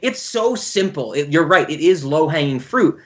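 A man's voice: fairly high pitch, expressive, normal speed, fairly bright tone. A man hosting a podcast in casual chat, teasing his co-host and laughing often.

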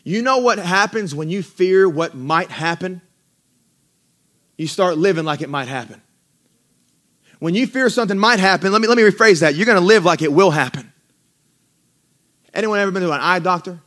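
A man preaching a sermon as pastor, mixing conversational asides with rising, drawn-out emphasis. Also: high-pitched, expressive, fairly bright tone. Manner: conversational asides with self-deprecating laughs.

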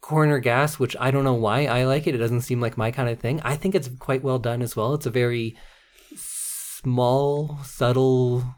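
A man's voice: medium pitch, fairly even intonation, moderate pace, darkish tone. A young Canadian man co-hosting a podcast, chatting casually in a wry, self-deprecating, rambling way. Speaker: podcast co-host.

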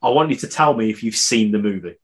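A man's voice: fairly low pitch, expressive, fast talker. A man hosting a podcast, chatting casually and reading out listener answers, laughing between lines. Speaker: podcast host.

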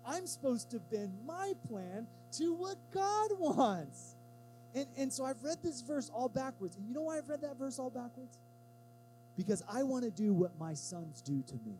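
A man preaching a sermon as pastor of a church, talking to the congregation in a relaxed, emphatic way and acting out quotes in lively voices. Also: very high voice, normal speed, a little hiss or hum, rough recording.

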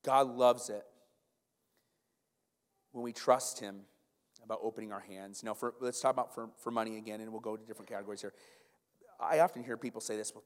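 A man preaching a sermon in a church sanctuary, animated, with stumbling restarts and repeated words. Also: lowish voice. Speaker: pastor. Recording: long church hall reverb.

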